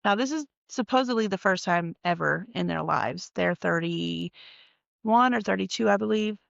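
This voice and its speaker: A woman from North Carolina tells an eerie story from her own life in a fried, gravelly voice, casual and heavy on swearing. She sounds a little tired and leans in conspiratorially. The recording is dull and lo-fi, with a dry, close sound. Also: fairly low pitch, moderate pace, no room sound. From North Carolina, USA. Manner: profane, emphatic, conspiratorial. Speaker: storytime vlogger.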